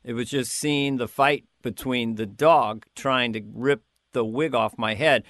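A man in casual conversation, telling show-business stories in an animated way and slipping into impressions. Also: mid-range voice, unhurried, dry recording, clean studio sound. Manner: animated storyteller who slips into impressions. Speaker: comedian guest recalling sketch work.

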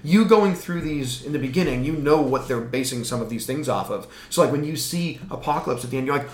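A man's voice: a little high, lively intonation, fast talker, hardly any pauses, echoey room. A man co-hosting a podcast, ranting about a movie in casual, profane chat and mock-quoting characters. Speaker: podcast co-host.

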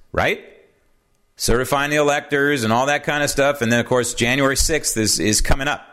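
A man hosting his own talk program, giving an animated political commentary monologue, often asking "right?" and drifting into asides. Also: mid-range voice. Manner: digresses into anecdotes. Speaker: host.

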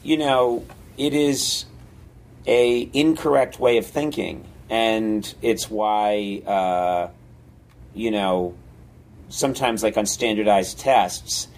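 A man's voice: fairly low pitch, slow. Male interview guest, comedy writer, chatty, loose, rambling storyteller. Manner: animated, rambling, laughs often.

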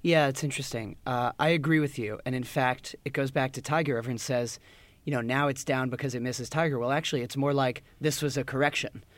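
A man co-hosting a podcast in casual chat, telling stories with animated delivery and mimicking crowd shouts. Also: mid-range voice, brisk, dry recording. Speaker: podcast co-host.

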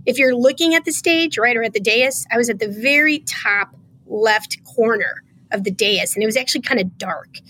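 A woman's voice: on the high side, moderate pace, a little hiss or hum. Emotional woman retelling a confrontation. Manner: animated, acts out quoted dialogue. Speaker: podcast guest, state official. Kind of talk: conversational storytelling.

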